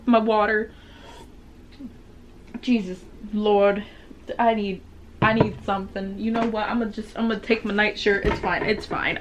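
A young woman hosting a casual reaction video, excitable and flustered, laughing and swearing as she talks. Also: mid-range voice, background noise.

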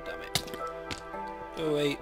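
A man casually commenting on his own gameplay, excitable and quick to swear loudly when frustrated, speaking into a desk mic. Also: over loud music. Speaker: gaming channel host. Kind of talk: casual let's-play commentary.

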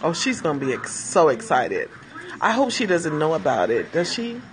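A woman chatting casually with viewers on a phone livestream, animated and laughing often, calling them girl. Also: deep voice, normal speed, over music. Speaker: livestream host.

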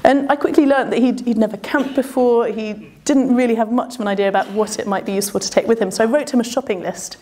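A woman's voice: a little high, steady tone, quick pace, hardly any pauses, warm tone. A woman telling a travel story in a chatty, self-deprecating way, laughing often. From Britain. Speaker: adventurer and speaker. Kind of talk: storytelling talk.

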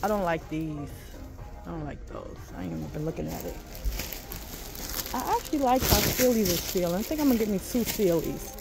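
A woman filming a casual shopping vlog in a home goods store, gushing and excitable as she talks to her viewers. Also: on the low side, a little fast, over music. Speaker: vlogger.

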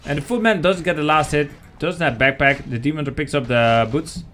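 Excitable game caster man, higher voice. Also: brisk, a little hiss or hum. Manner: excitable, chatty, addresses viewers as guys. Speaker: esports caster. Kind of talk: live game commentary.

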